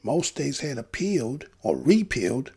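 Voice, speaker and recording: A man talks to his viewers in a casual, preachy way and keeps asking them rhetorical questions. His voice is gravelly and husky, and his pitch swings widely as he talks. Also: big pitch swings, moderate pace, warm tone. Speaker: commentator. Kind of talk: casual talk to camera.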